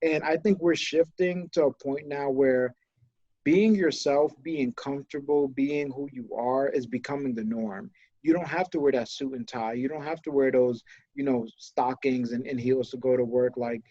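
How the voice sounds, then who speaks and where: A man co-hosting a casual business podcast, talking with enthusiasm and telling animated stories. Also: medium pitch, husky, no echo, lo-fi sound. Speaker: podcast co-host, business owner.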